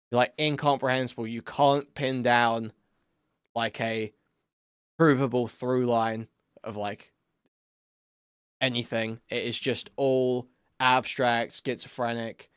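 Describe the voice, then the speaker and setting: Crude, rambling young streamer, smooth voice. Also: male voice, medium pitch, a bit bright, no echo, clean studio sound. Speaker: streamer commentator. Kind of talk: profane ranting commentary.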